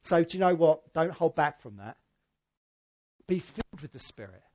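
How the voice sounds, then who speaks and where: A man preaching a church sermon in a notably high voice. He is animated, rising to loud emphatic peaks and then dropping to soft, low asides. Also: moderate pace. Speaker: pastor.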